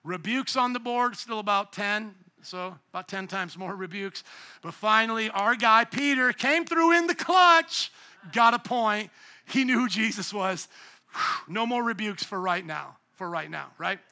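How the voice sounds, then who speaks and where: A man preaching a sermon with a high, very bright and forceful voice. He talks in an animated way and raises his voice as he acts out the quoted lines. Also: moderate pace. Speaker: pastor.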